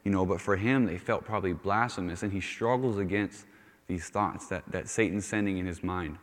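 Male youth pastor, sermon, lowish voice, long church-hall reverb, conversational with restarts. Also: normal speed. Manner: conversational preaching with frequent restarts and "you know". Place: church sanctuary.

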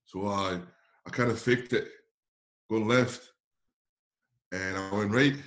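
A man from France with a French accent, a guest telling animated anecdotes in a casual interview, acting out quotes and laughing often. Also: lowish voice, takes it slowly. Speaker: guest, former footballer.

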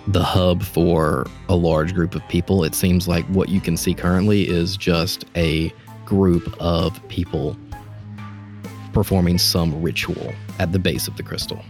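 A man with a very low, deep voice narrates a tabletop adventure as game master. He takes his time, pausing often to find his words as he lays out each scene. Soft music plays faintly underneath. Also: steady tone. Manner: unhurried, descriptive, with frequent "uh" pauses.

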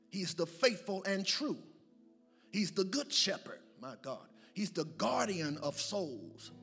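A man's voice: high voice, husky. A man preaching a sermon, moving between playful asides and rising, chanted calls to his congregation. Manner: building to shouted, chanted call-and-response preaching.

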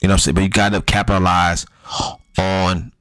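A man's voice: low-pitched, flat delivery, fairly quick, a bit bright, no room sound, rough recording. A man talking loosely and casually through fantasy football advice, slangy and repetitive, with frequent ums and the odd curse.

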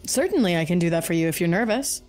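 A woman playing a tabletop game in a dry, deadpan, mock-polite manner. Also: fairly low pitch, fast, soft background music. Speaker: player. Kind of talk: casual tabletop play.

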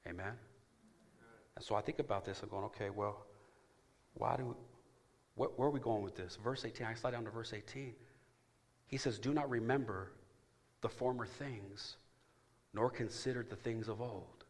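A man's voice: on the low side, normal speed, pauses often. A man preaching a sermon as pastor, emphatic and calling out to his congregation for responses. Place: church.

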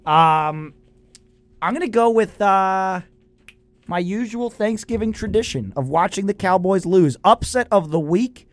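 A man's voice: high voice, expressive, measured pace, no echo. A young man co-hosting a sports podcast, teasing and joking through casual picks chat. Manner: playful, teasing, jokey interjections.

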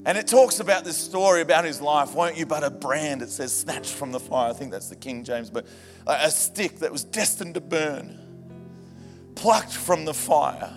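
Man, pastor, lively humorous sermon, higher voice, long hall reverb, faint music behind. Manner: animated, humorous, rising to shouts. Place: church hall. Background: band music.

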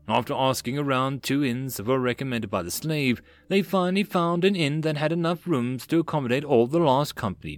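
A man reading a web-novel audiobook in an expressive, theatrical way. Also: medium pitch, dry recording, studio quality. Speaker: audiobook narrator. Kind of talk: audiobook narration.

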